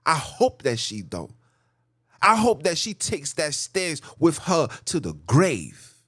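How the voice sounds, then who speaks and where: A podcast host rants in an emphatic, sermon-like way and hammers each point through repetition. His voice sits a little high for a man and swings widely in pitch. The sound is close and dry, with no room echo. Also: huge pitch swings, takes it slowly, a bit bright. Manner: preachy, emphatic, repetitive lists. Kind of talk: ranting commentary monologue.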